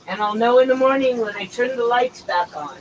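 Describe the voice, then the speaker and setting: A woman's voice: fairly high pitch, a little fast, dull audio, slight background noise. Rambling middle-aged woman streamer. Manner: rambling, chatty, drifts between topics with fillers. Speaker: livestream host. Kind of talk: casual chat.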